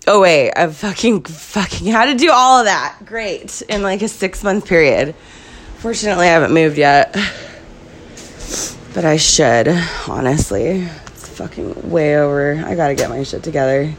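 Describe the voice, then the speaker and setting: A woman's voice: low voice, normal speed, a little hiss or hum. A woman in her thirties, sick with a cold and sniffly, telling a stressful story in a casual vlog, profane and rambling, laughing through it. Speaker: vlogger.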